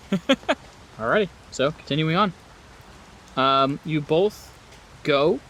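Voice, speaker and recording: Halting tabletop game master, noisy recording. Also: male voice, a little high. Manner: relaxed, halting narration with restarts.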